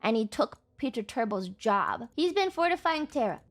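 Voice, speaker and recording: A woman's voice: fairly high pitch, very animated, moderate pace. A young woman streaming in casual chat, swearing freely and breaking into exasperated outbursts at her chat.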